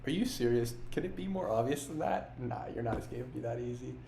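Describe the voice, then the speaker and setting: A man's voice: mid-range voice, lively intonation, fast talker, gravelly, noisy background. Earnest, dogged male video narrator. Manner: earnest, dogged, a bit confrontational. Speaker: online investigator making phone calls. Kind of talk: vlog narration and phone calls.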